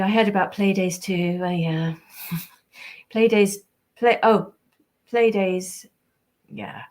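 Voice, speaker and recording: A woman chats through a livestream as she signs prints and reads fan messages aloud. Her voice swings widely in pitch and sits in a middling register. She often loses her thread and slips into hushed asides. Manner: chatty, trails off and restarts, drops into whispered asides. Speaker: voice actress signing prints for fans. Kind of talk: casual livestream chat reading fan messages. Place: indoors at a signing table.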